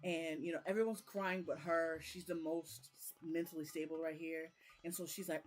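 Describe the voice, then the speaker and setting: Young woman, book vlogger, rambling and chatty, lower voice, soft music under her. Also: little pitch movement, normal speed, hardly any pauses. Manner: rambling, chatty, many fillers. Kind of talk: casual live-stream chat.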